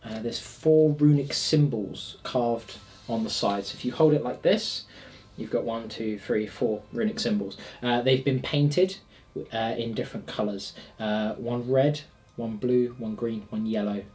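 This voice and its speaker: A man, narrating a tabletop game as dungeon master in a slow, deliberate way with fillers. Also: mid-range voice, darkish tone.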